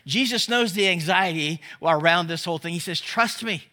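A young man preaching with a high, ringing voice. He talks to the congregation casually, slips into little acted voices and chuckles, then drops low and quiet for scripture. The tone is bright and forward. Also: moderate pace. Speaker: pastor. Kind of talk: sermon.

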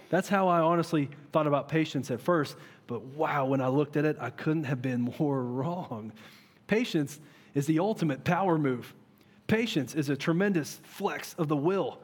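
A man in his thirties preaching a sermon as a pastor, earnest and animated, asking his listeners questions. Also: high-pitched. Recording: long reverb of a large hall.

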